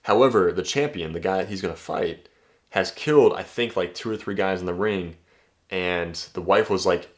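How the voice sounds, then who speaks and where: Deep-voiced, blunt, profane man. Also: moderate pace. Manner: blunt and profane, tags points with "right?". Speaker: dating coach. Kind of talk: casual vlog monologue.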